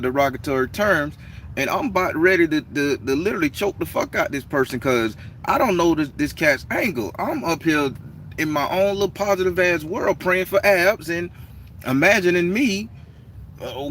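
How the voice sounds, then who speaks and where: Animated man telling a heated street story. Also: fairly high pitch, recorded from a distance, slight background noise. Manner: animated street-talking storyteller, rising excited and heated as he retells. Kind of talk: casual storytelling vlog.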